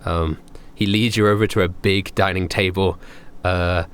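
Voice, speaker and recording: A man's voice: sits low, fairly even intonation, normal speed, a little hiss or hum. A man narrating a tabletop game as game master in a casual, rambling way. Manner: casual, rambling, filler-heavy.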